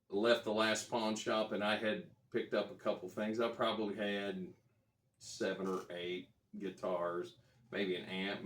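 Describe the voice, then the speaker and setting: A man's voice: fairly low pitch, a bit bright. A man who buys and trades guitars, telling a long anecdote in a casual, rambling way, correcting himself as he goes. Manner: rambling, self-correcting, chuckles as he tells it. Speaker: guitar dealer vlogger. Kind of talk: casual storytelling to camera. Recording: roomy, distant from the mic.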